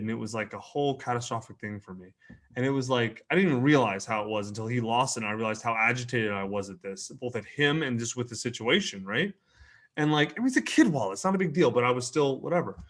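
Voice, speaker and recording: A man in his thirties, frank and earnest, swearing casually and restarting sentences while telling a personal story as a podcast guest. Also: mid-range voice. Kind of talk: candid conversational storytelling.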